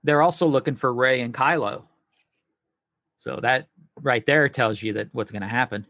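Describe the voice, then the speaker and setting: Excited man chatting on a podcast. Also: medium pitch, normal speed, dry recording, studio quality. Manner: enthusiastic, laughs easily. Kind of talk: casual podcast chat.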